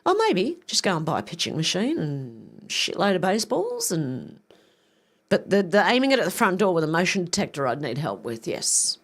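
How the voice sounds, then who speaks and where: A woman hosting a live stream, reading viewer comments aloud and reacting with quick asides. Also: on the low side, wildly swooping pitch, slightly rough.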